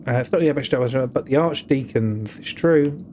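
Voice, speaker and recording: A man's voice: mid-range voice, moderate pace, mellow, a little hiss or hum. A young British man streaming a game, talking in casual, joking, rambling commentary that mocks himself. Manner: joking, rambling, self-mocking.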